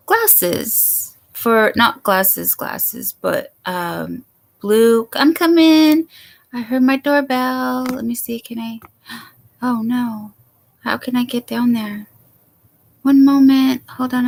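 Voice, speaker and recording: A rambling, chatty woman hosting a casual livestream from home. Her voice sits a bit high and she talks slowly, drifting from thought to thought as she greets viewers by name. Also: vocal fry. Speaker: livestream host. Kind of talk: casual late-night livestream chat.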